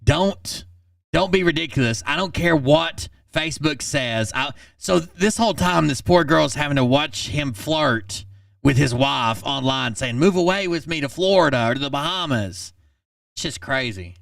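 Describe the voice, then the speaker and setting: A man hosting a channel, reading text messages aloud in a flat, deadpan way and adding blunt asides. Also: on the high side, moderate pace, vocal fry, dry recording, clean studio sound, distant mic.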